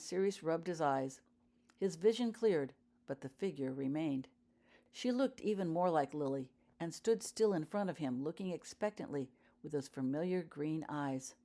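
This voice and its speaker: A woman reading her own story aloud as an audiobook, in a measured storytelling manner. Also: sits low, mellow. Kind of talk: audiobook narration.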